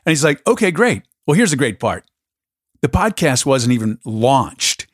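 In clean, dry studio audio, a man hosting a podcast recounts a story with casual enthusiasm. His medium-pitched voice is expressive and moves at a moderate pace.

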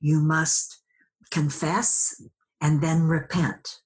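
A woman's voice: deep voice, little pitch movement, very slow. A woman guest sharing a personal story in a conversation, reflective, acting out remembered dialogue.

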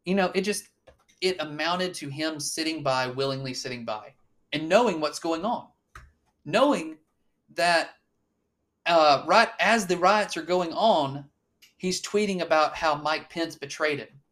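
A man's voice: on the high side, a little slow, fairly bright tone. A man co-hosting a casual political chat, blunt and swearing often, with lots of fillers and restarts. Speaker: podcast co-host.

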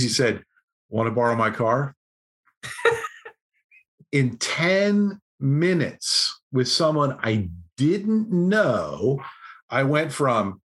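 A man guest on a podcast, telling a story in a casual, animated way and acting out what people said. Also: medium pitch, breathy edge. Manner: animated anecdote-telling, acts out quotes. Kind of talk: conversational storytelling.

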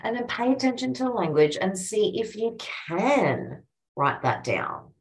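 A woman's voice: medium pitch, very animated, measured pace. A woman with an Australian accent, hosting a casual instructional podcast as a copywriting coach, talking in an upbeat, encouraging, chatty way.

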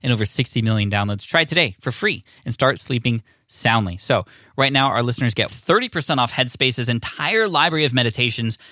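A man's voice: mid-range voice, animated, brisk, pushed and bright, no room sound, clean studio sound. A man hosting a podcast, reading an ad and introducing a guest in an upbeat, enthusiastic, conversational way. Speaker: podcast host. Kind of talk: casual podcast intro and ad read.

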